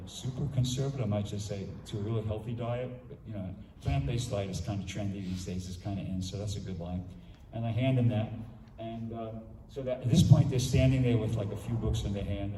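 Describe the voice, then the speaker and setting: A man's voice: fairly low pitch, mellow. A man giving an informal workshop talk, chatty and acting out his own conversations with people, heard from a distance. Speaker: workshop speaker. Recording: roomy hall, mic at a distance, faint noise.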